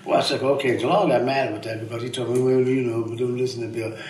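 Fast and steady, his mid-range voice is a little mellow as the older veteran poet rambles through emphatic, profane interview stories, regularly ending on "man." The recording has an echoey room, a distant mic and faint ambience.

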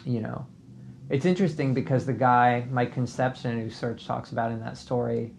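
A man's voice: medium pitch, steady tone, normal speed, darkish tone, slight background noise. A man hosting a podcast, reading the outro and credits, then chatting loosely about the topic. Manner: reads credits smoothly, then chats loosely with many fillers. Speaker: podcast host. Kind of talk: podcast outro and casual commentary.

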